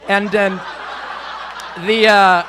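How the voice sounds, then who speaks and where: A male stand-up comedian performing for a live club audience, animated and self-deprecating, often slipping into silly voices. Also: sits high, very slow, noisy background.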